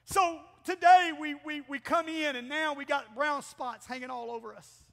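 High, bright-voiced preacher. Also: male voice, normal speed, creaky. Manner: folksy, animated preaching with rising exclamations. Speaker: pastor. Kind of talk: Pentecostal sermon. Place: church sanctuary. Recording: long church-hall reverb.

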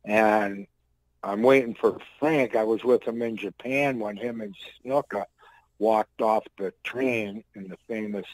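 Low-voiced older man spinning rambling stories. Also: measured pace, darkish tone, no room sound, poor audio. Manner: loose, rambling anecdotes with blunt, salty wording. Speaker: guest, former pro wrestler. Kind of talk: casual storytelling.

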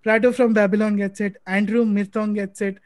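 A man hosting a live-streamed quiz, brisk and chatty, reading out names quickly over a video call mic. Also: sits high, level tone, darkish tone, no echo. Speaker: quiz host.

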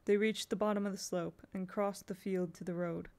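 A woman's voice: medium pitch, fairly even intonation, normal speed, a little mellow. A woman reading a children's fantasy novel aloud as an audiobook, telling it evenly and unhurriedly, with small restarts. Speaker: audiobook reader.

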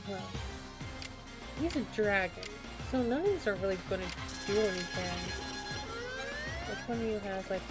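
A woman streaming a game, chatty, excitable and self-mocking as she comments casually. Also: medium pitch. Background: game music.

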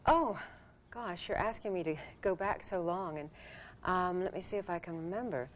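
An older woman chats in an interview with a fairly low voice, telling anecdotes in an animated way. Her clips carry some background noise. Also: normal speed. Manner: animated storytelling, acts out past dialogue. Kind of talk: casual interview chat.

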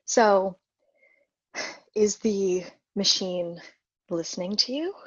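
A woman speaks as an interview guest, laying out ideas step by step in a clear, methodical manner with an occasional restart. Her voice comes through a somewhat dull, lo-fi recording that is quite dry, with almost no room sound. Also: medium pitch, slow pace, no echo. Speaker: guest, marketing manager. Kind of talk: explanatory interview answers.

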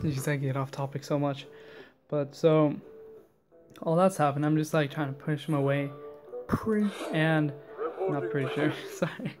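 A young man telling a rambling, animated story while playing a game, full of fillers and asides. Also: on the high side, a little slow, long pauses, loud music behind the voice. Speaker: gaming channel host.

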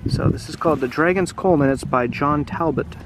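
Chatty male teacher reading a storybook aloud by the sea, slightly high voice, noisy outdoor take. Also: fairly quick. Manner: chatty, musing aloud with questions. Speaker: English teacher reading a picture book aloud. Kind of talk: casual storybook read-aloud. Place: outdoor seaside park.

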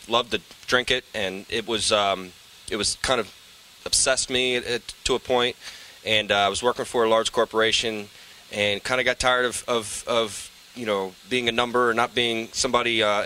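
A man who founded a brewery, with a slightly low pitch and a bright tone. He tells his story in a relaxed, self-deprecating way, with a faint ambience behind him. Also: moderate pace, a little hiss or hum, rough recording. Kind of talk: interview answers.

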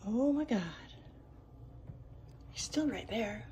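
A woman filming at home by a window, exclaiming excitedly, cooing baby talk and dropping into whispers. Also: a little high, slow. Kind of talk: casual home video commentary.

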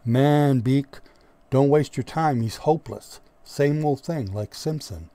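A man's voice: medium pitch, slow, warm tone, no room sound, pitched above the performer's own voice. A man voicing a wisecracking male soldier who taunts the new recruit in a cocky, slangy way. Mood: mocking. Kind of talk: audiobook character voice.

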